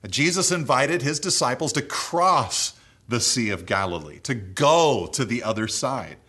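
An earnest preacher delivers a sermon in a man's voice of ordinary pitch. He pushes key phrases up and louder, then lets his sentences sink to a soft, low close. His delivery moves steadily from reading to explaining. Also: expressive, measured pace, breathy edge. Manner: earnest preaching, swinging between raised emphatic phrases and low hushed endings.

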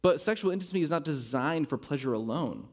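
A man's voice: fairly high pitch, lively intonation, quick pace. A male pastor preaching a sermon, earnest and driving home his points with repeated rhetorical questions.

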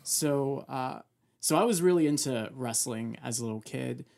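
A man's voice: mid-range voice, moderate pace, vocal fry, darkish tone. A man from Mexico, a comedian guest on a podcast, talking in an easygoing way with dry sarcasm. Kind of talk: casual podcast chat. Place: home studio.

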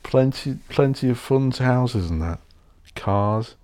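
A man with a mid-range, mellow voice hosts a solo podcast, speaking slowly but with plenty of animation. He rambles and rants, swears a lot, and mocks posh voices.

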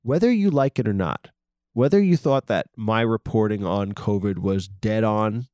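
A man's voice: fairly low pitch, darkish tone, no room sound, studio quality. A man delivering a rambling comedic monologue, often cutting himself off, swearing and mock-scolding his listeners. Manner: rambling, self-interrupting, swearing, mock-aggressive. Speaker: comedic podcast host.

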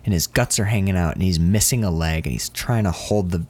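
A man co-hosting a casual movie podcast, talking in an animated way and swearing now and then. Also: a little fast. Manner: animated, acts out quotes in loud high voices. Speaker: podcast co-host.

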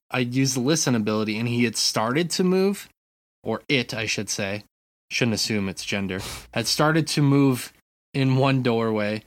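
A man co-hosting a casual gaming podcast from his apartment, telling stories with lively swearing and restarts. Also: medium pitch, no echo. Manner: animated storytelling, frequent swearing. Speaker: podcast co-host. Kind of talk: casual chat.

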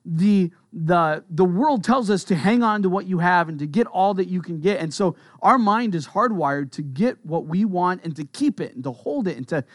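A pastor giving a sermon in an earnest, conversational way, with quick asides. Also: male voice, high-pitched, animated, no echo, studio quality.

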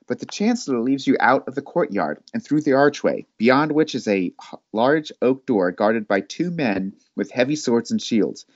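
A man's voice: mid-range voice, moderate pace, no echo. A laid-back man hosts and casually narrates a choose-your-own-adventure book. His voice sounds dull and lo-fi, recorded completely dry. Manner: laid-back, says "dude". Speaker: host reading a gamebook.

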